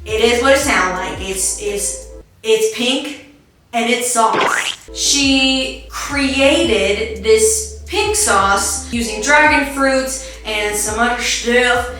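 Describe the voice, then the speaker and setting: A woman's voice: a little high, very slow, bright, forceful tone. A woman hosting a podcast, talking casually with joking, sarcastic asides from home. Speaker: podcast host. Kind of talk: casual reaction commentary. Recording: echoey room, distant mic, faint music.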